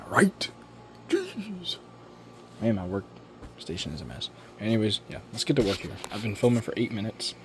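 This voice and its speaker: A man's voice: lowish voice, background noise. Rambling, slangy man in a home workshop. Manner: rambling and offhand, with slang and swearing. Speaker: hobbyist building a model plane. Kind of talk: casual workshop vlog.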